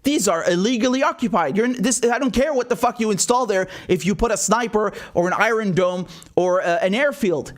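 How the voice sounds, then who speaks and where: A man's voice: sits high, fairly quick, few pauses. A man delivering a heated, sarcastic political opinion monologue as host of his own show. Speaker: political commentator.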